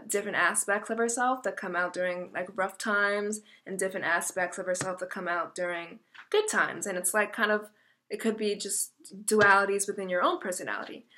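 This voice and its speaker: A woman's voice: medium pitch, pushed and bright, slight background noise. A young adult woman giving a casual tarot reading, chatty and emotional, often interrupting herself. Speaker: tarot reader.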